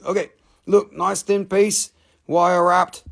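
High, gravelly man hawking stones live. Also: unhurried, a little mellow. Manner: joking, teasing banter while calling prices. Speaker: host selling stones on a live stream. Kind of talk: live sales stream chat.

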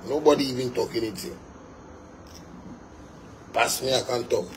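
A man's voice: medium pitch, fairly even intonation, moderate pace, a little hiss or hum, rough recording. A young Ghanaian man, a musician, delivering a fiery, emphatic monologue to his fans, repeating his points and slipping into pidgin.

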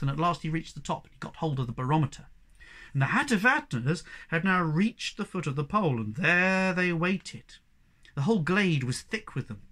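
A man narrating a children's storybook in an expressive, animated way. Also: high-pitched. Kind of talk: storybook reading.

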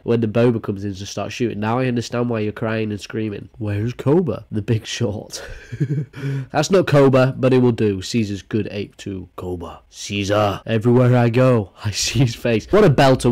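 A young British man with a British accent giving casual, excitable reaction commentary on memes, full of slang and swearing, laughing often. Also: fairly low pitch. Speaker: meme reaction YouTuber.

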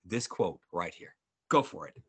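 A male trainer speaks over a video call with a bright, forceful tone that cuts through. His delivery is upbeat and animated, and he jokes with his audience. He restarts his sentences often. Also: low voice, a little slow, husky. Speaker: sales trainer presenting a webinar. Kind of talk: energetic workshop presenting.

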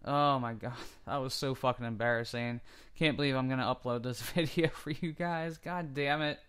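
A young man commentating his own shooter gameplay, excitable and swearing a lot, yelling when he wins. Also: mid-range voice, moderate pace, smooth. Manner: excitable, swears constantly, yells when winning. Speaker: gaming video creator. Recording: loud game gunfire behind voice. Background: shooter game gunfire and effects.

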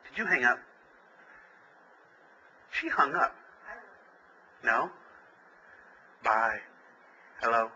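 Crude, joking man with a very bright voice. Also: medium pitch, animated, extremely slow, pauses often, dull audio, a little hiss or hum. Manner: crude, rambling, jokey storyteller. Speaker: comedian hosting call-in show. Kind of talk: comedic call-in chat.

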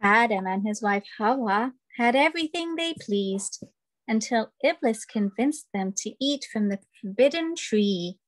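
Expressive woman reading picture books. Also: a little high, unhurried. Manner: animated, expressive reading with animal sounds. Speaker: storyteller host. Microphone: video call.

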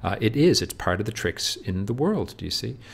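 Gravelly man lecturing over slides. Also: fairly low pitch, very animated, a little fast. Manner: repeats "do you see?", many fillers and restarts. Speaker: literature teacher.

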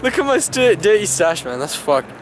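A man's voice: high-pitched, very animated, moderate pace. A young man bantering on a casual outdoor vlog, teasing and swearing, picked up by a handheld camera. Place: outdoors in a city in winter. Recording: noisy street with traffic. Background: street and traffic noise.

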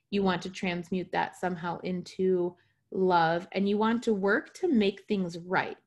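A woman's voice: mid-range voice, darkish tone. A woman teaching a spiritual class online over a video call. She talks casually, often checks in with her listeners, and jokes at her own expense. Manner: light self-mocking humor.

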